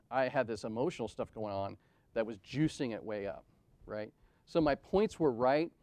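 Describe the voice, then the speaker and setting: In a dry recording, a man in his forties with a mid-range, darkish voice delivers a candid conference talk at an event venue. He tells personal stories in a self-deprecating, chatty way, often asking "right?"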